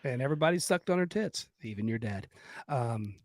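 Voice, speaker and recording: A man's voice: medium pitch, expressive, fairly quick. A man co-hosting a comedy podcast, rambling with crude jokes and lots of fillers. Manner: vulgar, joking, rambling with fillers. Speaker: podcast co-host.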